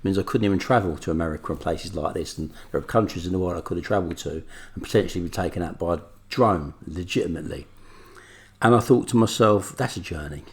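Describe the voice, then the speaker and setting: A man's voice: low-pitched, quick pace. A man speaking as an interview guest, earnest and reflective as he looks back on his past. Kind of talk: interview talk.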